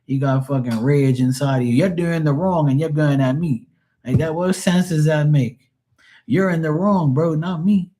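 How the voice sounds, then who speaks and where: Mellow-voiced man telling profane stories. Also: a little high, normal speed. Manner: profane, rambling storyteller. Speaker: live stream host. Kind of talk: casual live stream chat.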